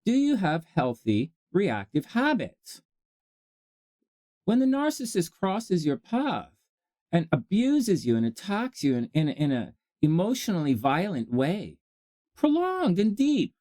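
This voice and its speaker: Self-help host, male, a touch high-pitched, talks in an animated, jokey way and answers himself. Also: takes it slowly, no echo. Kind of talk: rambling self-help monologue.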